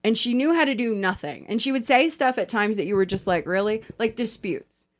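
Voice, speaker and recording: A woman's voice: on the high side, fairly quick. A woman hosting a podcast, telling stories in casual chat with plenty of swearing. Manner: animated, profane storytelling. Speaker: podcast host.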